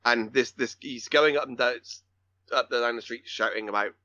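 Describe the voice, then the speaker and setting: A man's voice: medium pitch, moderate pace, pushed and bright, dull audio. A man co-hosting a film podcast, talking casually with lots of restarts and casual swearing. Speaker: podcast co-host.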